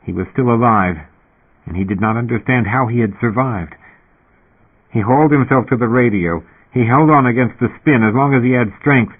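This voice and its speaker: A man narrating an audiobook in a steady storytelling manner. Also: mid-range voice, normal speed. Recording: tinny phone-like audio.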